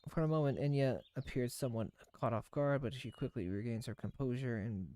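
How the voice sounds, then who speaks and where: A male streamer reading a game's story text aloud with quick asides, often stumbling and correcting himself. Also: mid-range voice, darkish tone. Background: faint game music.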